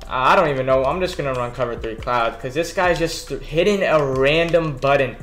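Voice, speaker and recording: A man's voice: mid-range voice, moderate pace, a bit bright, faint music behind. A young man giving casual, slangy commentary over his own football video game match, mostly talking to himself as he plays. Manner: laid-back, slangy, talks to himself while playing. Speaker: gaming YouTuber. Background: background beats.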